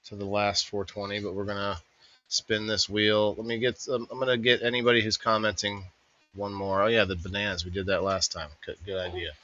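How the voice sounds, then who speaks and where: A man's voice: fairly low pitch, flat delivery, brisk, sharp tone, lo-fi sound. A man hosting a casual live stream, rambling and joking as he greets viewers by name. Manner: rambling, jokey, addresses chat viewers by name. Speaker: livestream host.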